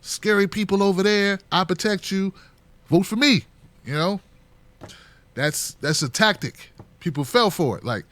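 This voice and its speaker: A middle-aged man talks through a relaxed solo commentary with a fairly high voice. His delivery is loose and joking, and he keeps slipping into mock voices of other people. The sound is close and dry. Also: unhurried, long pauses, no room sound. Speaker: political commentary host.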